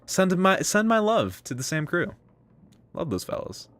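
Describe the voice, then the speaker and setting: A man's voice: high voice, big pitch swings, a little slow, a bit bright. A man chatting casually while live-streaming a game, rambling with lots of fillers and playful slang. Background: game music.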